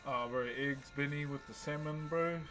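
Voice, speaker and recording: A laid-back young man with a New Zealand accent chats easily with his stream viewers, his voice sitting a little high. Faint music plays under him. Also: steady tone, moderate pace, a bit bright, rough recording. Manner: laid-back, greets chat viewers by name. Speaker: livestream host. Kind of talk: casual livestream chat while wood carving.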